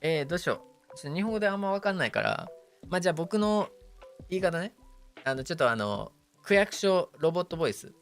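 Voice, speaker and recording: A man's voice: sits high, lively intonation, very fast, clear, resonant tone, faint music behind. A young man streaming casual chat, joking and laughing often as he switches between English and Japanese.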